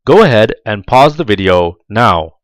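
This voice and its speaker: Guiding job applicants through a scripted tutorial one step at a time, this male narrator sounds animated, his pitch moving freely. He talks slowly, pronouncing each word with care, in a rough recording that is close and dry with no room sound.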